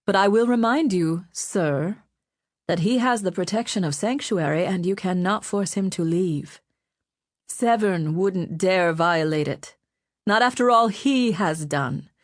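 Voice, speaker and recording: A woman voicing a proud, scornful queen mother who speaks with patient calm. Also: mid-range voice, dry recording, studio quality, natural voice.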